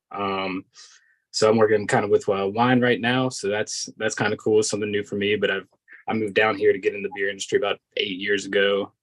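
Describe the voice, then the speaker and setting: A man's voice: lowish voice, rough recording. A man from Virginia with a Southern accent, a guest chatting on a video call in a laid-back, hesitant way. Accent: Southern American. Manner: laid-back, hesitant, lots of ums and uhs. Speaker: guest artist. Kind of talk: casual chat on a video call.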